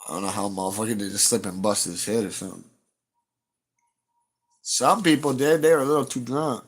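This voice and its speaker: A man's voice: on the low side, brisk, husky. A man, chatting casually to viewers on his livestream, blunt and profane as he rambles through stories. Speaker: livestream host.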